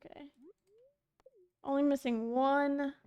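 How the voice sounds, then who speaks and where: A woman's voice: sits high, little pitch movement, slow, mellow, dry recording, highs cut off. A woman from Canada streaming a game and chatting playfully with her viewers. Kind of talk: casual chat while streaming a game.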